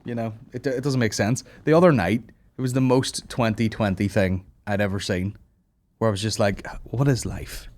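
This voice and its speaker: A man's voice: lowish voice, fairly even intonation, normal speed, darkish tone. A man hosting a comedy podcast, telling rambling sweary stories in casual banter. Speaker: podcast host.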